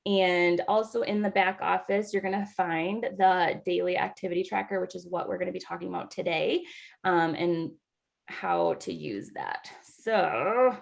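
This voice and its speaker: A woman's voice: fairly low pitch, creaky. A woman coaching new team members on a video call, talking in a chatty way with many fillers. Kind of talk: casual training talk over a video call.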